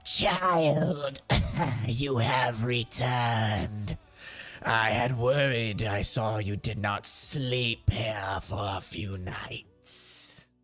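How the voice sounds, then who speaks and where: A man voicing a huge, ancient female dragonborn who speaks slowly and grandly, a game master's voice in a tabletop game. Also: mid-range voice, a bit bright, faint music behind, pitched below the performer's own voice. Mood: welcoming. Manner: slow, drawn-out, stately speech.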